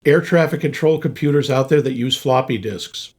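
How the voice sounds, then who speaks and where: A man's voice: mid-range voice, moderate pace, breathy edge. A man co-hosting a movie podcast, wryly explaining what the film gets wrong about hacking. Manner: knowledgeable, dry, wry about tech. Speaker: podcast co-host. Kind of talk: casual movie review chat.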